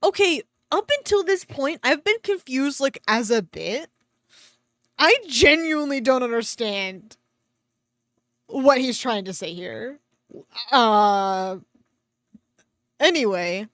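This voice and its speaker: A woman's voice: high-pitched, lively intonation, takes it slowly, pauses often, a bit bright, no room sound, studio quality. A woman streamer reading a fan story aloud with sarcastic commentary, swearing freely and laughing often, at a home desk mic.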